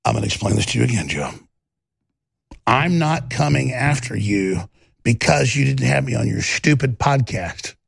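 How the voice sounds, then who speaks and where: Gravelly, husky male host ranting. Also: mid-range voice, animated, normal speed, no room sound, studio quality. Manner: combative, repeats words when worked up. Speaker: show host. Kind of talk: heated on-air rant.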